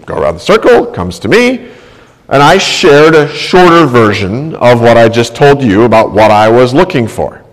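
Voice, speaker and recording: Male pastor, middle pitch, conversational sermon storytelling, big reverberant church sound. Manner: conversational storytelling with rhetorical "right?". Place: church sanctuary.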